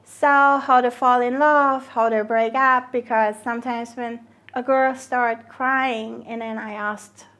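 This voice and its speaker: A woman's voice: on the high side, slow pace. A woman who grew up in Germany and owns a cafe, talking in a documentary interview and acting out quoted dialogue with frequent laughs. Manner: lively, acts out quoted dialogue, laughs often. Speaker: cafe owner.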